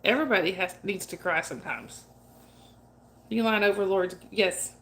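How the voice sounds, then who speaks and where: A woman's voice: mid-range voice, normal speed, a bit bright, a little hiss or hum. A woman hosting a casual livestream, chatting with viewers by name, comforting them and laughing often. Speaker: livestream host. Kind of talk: casual livestream chat reading viewer comments.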